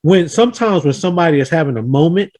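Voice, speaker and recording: Fairly high-pitched and fast-talking, the host of a round table discussion earnestly relates a family story. He's a lively storyteller who acts out each quote in this casual group setting.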